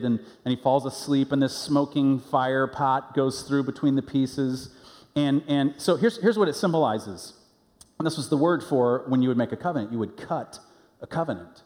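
A man's voice: medium pitch, darkish tone. A middle-aged man preaching a sermon, telling the story with energy and acting out the voices he quotes. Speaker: pastor. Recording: long hall reverb.

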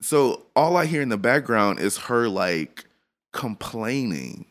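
A slightly tipsy man hosting a podcast, telling a story in a loose, animated way with lots of laughter and filler words. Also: medium pitch, takes it slowly. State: a bit tipsy from drinking. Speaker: podcast host. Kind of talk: casual storytelling chat.

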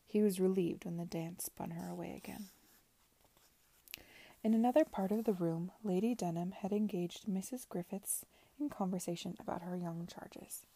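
A woman reading a novel aloud softly in a whispered reading. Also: fairly low pitch, normal speed, gravelly, no room sound. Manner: soft, hushed narration. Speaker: reader.

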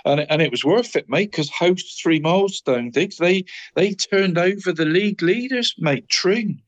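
A man's voice: high-pitched, lively intonation, unhurried, muffled recording. A man co-hosting a football podcast, running through local results in a casual, chatty way, dropping "mate" into nearly every phrase and often restarting his sentences. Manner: stumbles and restarts a lot.

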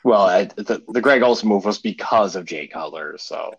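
A lowish, husky male voice tosses off wry jokes during a sports chat, his pitch swinging widely as he talks. The sound is dry and dull, like a lo-fi recording. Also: animated, moderate pace, no echo. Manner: wry, joking asides. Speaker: podcast co-host.

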